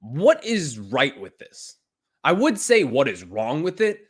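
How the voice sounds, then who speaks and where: A man's voice: medium pitch, huge pitch swings, slow, slightly rough. A man hosting a sports podcast, ranting emphatically about a baseball contract. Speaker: podcast host.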